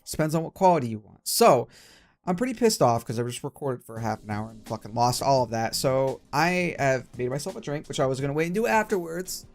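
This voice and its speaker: A man's voice: mid-range voice, animated, brisk. A young man hosting a casual let's play, ranting with heavy swearing. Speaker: gaming channel host.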